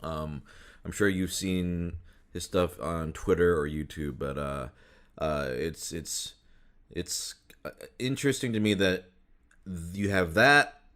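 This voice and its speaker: Podcast host, male, very low voice, relaxed rambling chat. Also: slow. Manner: relaxed, rambling, laughs often. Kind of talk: casual interview chat.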